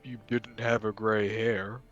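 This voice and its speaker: A man's voice: fairly low pitch, little pitch movement, measured pace, fairly bright tone, lo-fi sound, soft background music. A man playing a tabletop game, stammering and restarting as he talks, slipping in and out of character. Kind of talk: casual play, partly in character.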